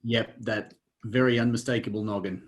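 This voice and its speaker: A man's voice: on the low side, fairly even intonation, normal speed. A man, co-hosting a sports podcast with dry, wry banter. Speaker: podcast co-host. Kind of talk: casual sports podcast chat.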